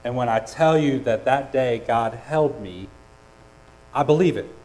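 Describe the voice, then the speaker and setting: A man's voice: mid-range voice, measured pace, darkish tone, poor audio. Earnest man preaching a sermon. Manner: earnest, personal, with hesitant restarts and dynamic swings. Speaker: pastor.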